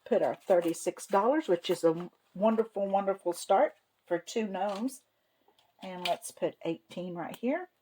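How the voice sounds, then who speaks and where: Her voice is medium-pitched, mellow, and unhurried as she chats in a homey, folksy way and counts money out loud to herself. It's casual cash-stuffing narration for her savings vlog, captured in a rough recording with a little hiss or hum.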